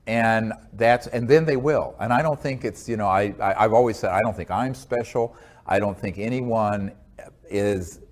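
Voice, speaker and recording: An American man with a low voice, answering interview questions in an earnest, measured way. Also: darkish tone. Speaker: interview guest.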